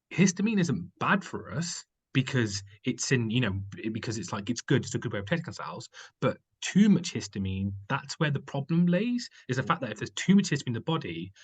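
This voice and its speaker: Speaking with a breathy edge at medium pitch, a British man who founded a company tells his story as a guest. The chat is casual and meandering, packed with fillers and false starts, and the recording is rough.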